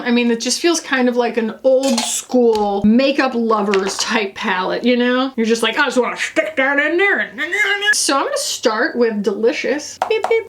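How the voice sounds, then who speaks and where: A woman's voice: a little high, slight background noise. A woman from Florida chatting casually in a makeup vlog, playful and full of fillers and jokey asides as she reviews beauty products. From Florida, USA.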